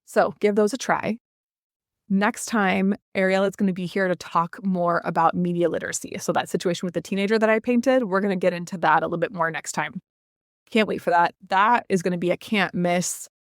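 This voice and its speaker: A woman's voice: fairly low pitch, fairly even intonation, a little fast, no echo, studio quality. A woman hosting a solo podcast, chatting casually and playfully acting out the lines she quotes. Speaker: podcast host.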